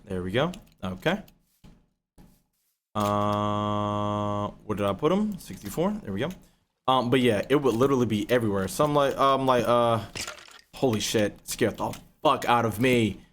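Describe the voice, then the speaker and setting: A young man, casually telling a profane, animated story while playing a game. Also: moderate pace. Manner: profane, animated storytelling, rising pitch when retelling outrage. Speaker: gaming YouTuber. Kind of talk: casual storytelling over gameplay.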